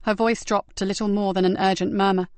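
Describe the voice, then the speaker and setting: Steady woman narrating a crime novel. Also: mid-range voice, fairly quick, smooth, dry recording. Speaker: audiobook narrator.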